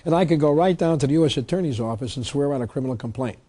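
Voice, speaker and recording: A man's voice: a little high, rapid-fire, warm tone. A man giving an emphatic public lecture on tax law, reading legal text aloud. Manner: emphatic, reads statutes aloud.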